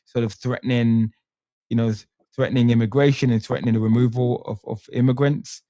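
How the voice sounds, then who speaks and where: A man's voice: mid-range voice, steady tone, fairly quick, warm tone, no echo. A man asking questions in a live discussion, hesitant and circling his point. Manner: hesitant, many fillers and restarts. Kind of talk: halting questioning. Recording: dull, muffled stream audio.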